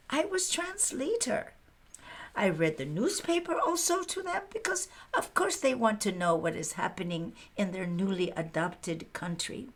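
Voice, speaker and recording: In a first-person historical monologue, a woman performs as a plainspoken Chinese American pioneer, speaking Chinese-accented English at medium pitch. Breathy and ready to laugh, she addresses the audience directly.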